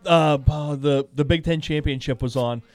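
A man's voice: fairly high pitch, moderate pace, darkish tone, no echo. A man co-hosting a fishing podcast, chatting in an easygoing, joking way. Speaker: podcast co-host. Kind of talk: casual chat.

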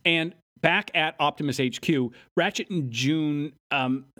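A man's voice: a little high, unhurried. Chatty man recapping a cartoon episode. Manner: animated, acts out character lines in funny voices. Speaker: podcast co-host. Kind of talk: casual recap chat.

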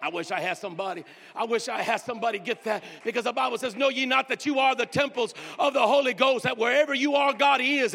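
A man in the pulpit, a pastor, preaching with call-and-response, fervent repetition, hushed whispers and rising shouts. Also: high voice, fast, creaky, big-room sound. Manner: drops to hushed whispers for emphasis; fervent, repeats phrases. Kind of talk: sermon. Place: church sanctuary.

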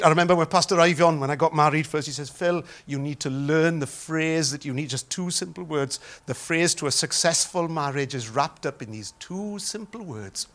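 A middle-aged man with a Welsh accent, a pastor preaching a sermon with humorous stories that swing from loud exclaiming to soft prayer. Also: fairly high pitch, normal speed, few pauses.

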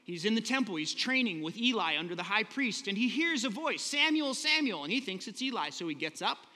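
A man's voice: sits high, animated, brisk, pushed and bright, long reverb tail. A man preaching a sermon in a conversational, earnest way, often asking the listeners rhetorical questions. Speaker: pastor.

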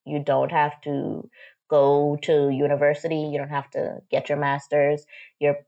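A woman voicing her tearful mother, speaking softly and gently on a dull lo-fi recording. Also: deep voice, completely flat delivery, a little slow. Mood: tender.

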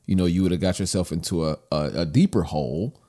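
A man's voice: low voice, fast. A young man co-hosting a podcast in casual chat, telling stories with animation and acting out what others said. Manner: animated storyteller, acts out quoted lines. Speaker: podcast co-host.

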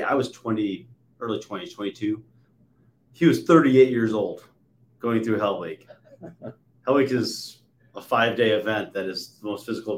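A man in his forties hosting a podcast, telling stories with animated swings between loud and soft. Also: mid-range voice. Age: 40s. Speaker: podcast host. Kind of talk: conversational interview. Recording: roomy echo.

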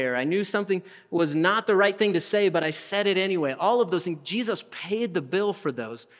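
A man's voice: a little high, fairly bright tone. Preaching man in a reverberant hall. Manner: conversational preaching with rhetorical questions and acted-out quotes. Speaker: pastor. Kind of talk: sermon.

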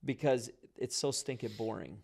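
Man with a bit of fry, easygoing preacher chatting about prayer. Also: mid-range voice, normal speed, a little mellow. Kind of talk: casual faith conversation.

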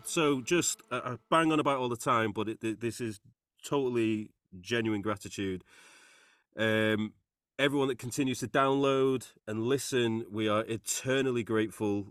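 A man's voice: medium pitch, moderate pace, no room sound. Manchester guy hosting a podcast, laid back, rambly, dry sound. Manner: relaxed, rambling with restarts. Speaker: podcast host. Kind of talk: casual podcast chat.

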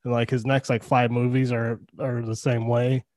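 Male podcast co-host, loose rambling film talk, average pitch, dry booth. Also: little pitch movement, normal speed, a little mellow, dry recording. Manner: rambling, lots of "like", laughs. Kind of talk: casual movie chat.

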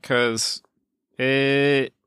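A man's voice: medium pitch, level tone, drawn-out words, fairly bright tone, clear, resonant tone, no room sound, studio quality. A man co-hosting a podcast, chatting casually about a film in a meandering way and trailing off mid-thought. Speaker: podcast co-host. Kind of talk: casual film-discussion chat.

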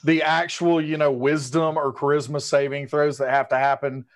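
A man's voice: on the high side, level tone, normal speed, background noise. A man playing a tabletop game, talking through his character's choices with amusement. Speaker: player. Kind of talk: casual tabletop play.

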